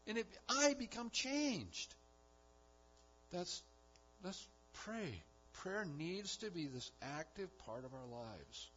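A man's voice: high-pitched, big pitch swings, slow, a bit bright, slight background noise. A man preaching a sermon, building emphasis with repeated phrases. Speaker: pastor. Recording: dull lo-fi recording.

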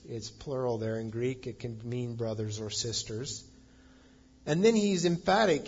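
A man's voice: medium pitch, lively intonation, normal speed, slightly rough, muffled recording. A man preaching a sermon as pastor, reading scripture aloud and stressing points with emphasis.

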